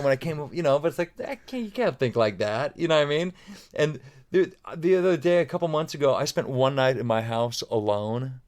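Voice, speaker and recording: A man's voice: medium pitch, expressive, moderate pace, darkish tone. A middle-aged man talking casually as a podcast guest, rambling with many restarts and fillers. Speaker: guest drummer.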